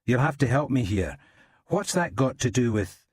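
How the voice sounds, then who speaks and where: A man's voice: mid-range voice, big pitch swings, breathy edge, dry recording, studio quality, pitched above the performer's own voice. A man doing a blunt Scottish detective. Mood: probing. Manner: probing, brisk questions. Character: blunt Scottish male detective inspector, dogged.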